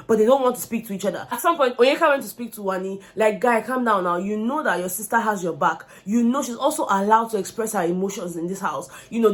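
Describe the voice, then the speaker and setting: A young woman giving a casual gossip recap, animatedly acting out what other people said. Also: mid-range voice. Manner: animated, acts out quotes of others. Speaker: reality show recap vlogger.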